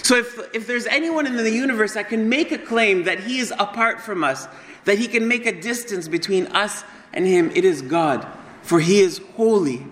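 A man preaching a sermon, passionate, racing through some phrases and slowing to solemn stresses on others. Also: high voice, a bit bright. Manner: impassioned, swings between fast bursts and slow solemn stresses. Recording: long hall reverb.

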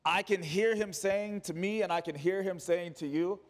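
A man with a high voice preaches a sermon. He swings from urgent, raised lines down to hushed, low ones. His voice rings out with a long reverb, as in a church hall. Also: fairly even intonation, moderate pace, hardly any pauses. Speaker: pastor.

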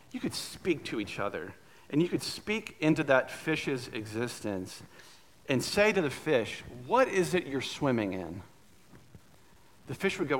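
A man's voice: mid-range voice, fairly bright tone. A man preaching a sermon as pastor, telling stories in a conversational way with light humor.

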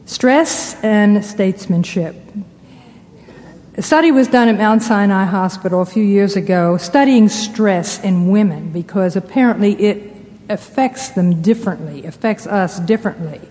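Slow, mellow woman speaking in a hall. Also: mid-range voice. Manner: measured, with wry asides. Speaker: speaker addressing ministers. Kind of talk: prepared talk to a church audience.

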